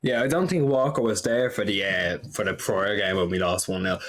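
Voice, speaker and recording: Fast-talking, low-voiced man. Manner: rambling, animated, swears casually. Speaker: podcast co-host. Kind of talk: casual football chat.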